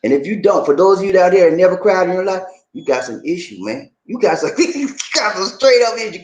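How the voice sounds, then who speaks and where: A man hosts a casual advice video and keeps hyping his viewers with playful, repeated catchphrases. His voice sits a bit high for a man and swings up and down constantly. The room around him is roomy and echoey. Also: a little mellow. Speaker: dating advice host. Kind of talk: casual hyped video talk.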